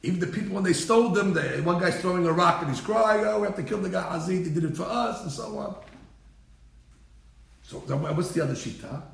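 Animated rabbi, gravelly high voice. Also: male voice, brisk, roomy sound. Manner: animated, mixes Hebrew terms into English, repeats phrases. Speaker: rabbi teaching a Torah class. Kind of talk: Torah class lecture.

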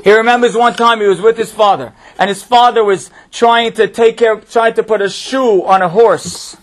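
A man's voice: high-pitched, fairly even intonation, moderate pace. A man who works at a school, giving an inspirational religious talk and repeating key phrases for emphasis.

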